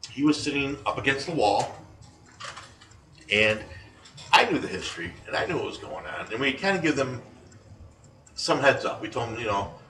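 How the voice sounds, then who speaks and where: A man co-hosting a chat show about paranormal investigations, telling rambling, animated stories full of restarts. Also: on the low side. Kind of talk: casual radio-style chat. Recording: echoey room, distant from mic, faint noise.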